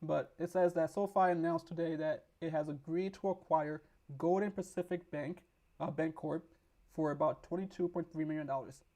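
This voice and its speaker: A man hosting a stock market video, hoarse from losing his voice, rambling with restarts as he reads news aloud and explains it. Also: fairly high pitch, steady tone, moderate pace, darkish tone. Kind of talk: casual explainer with screen reading.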